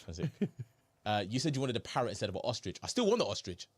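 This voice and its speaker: A man's voice: mid-range voice, very fast. A man, co-hosting a podcast in casual joking chat, swearing freely. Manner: joking, swears, animated bursts of laughter. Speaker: podcast co-host.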